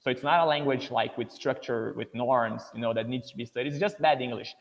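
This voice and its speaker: A man's voice: mid-range voice, a little fast, big-room sound, poor audio. A man from Brazil with a Brazilian Portuguese accent, a native Portuguese speaker teaching English in a webinar lecture, chatty and full of fillers. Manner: chatty, many fillers like "you know" and "uh".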